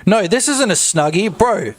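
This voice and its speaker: A man's voice: high-pitched, expressive, moderate pace. A young man streaming his game development live, talking crudely and jokily in rambling bursts full of filler tags. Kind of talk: casual live-stream chat.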